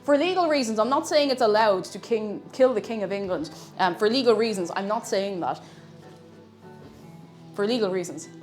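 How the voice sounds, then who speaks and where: A woman's voice: mid-range voice, moderate pace, faint music behind. A young Irish woman live-streaming as she cooks in her kitchen at home, chatty and giggly, reading her chat aloud. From Ireland. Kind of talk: casual live-stream chat while cooking.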